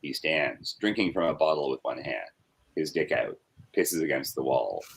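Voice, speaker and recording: A man reading comic script panel descriptions aloud in a flat read-through, breaking off for offhand critiques. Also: very deep voice, moderate pace, vocal fry, breathy edge.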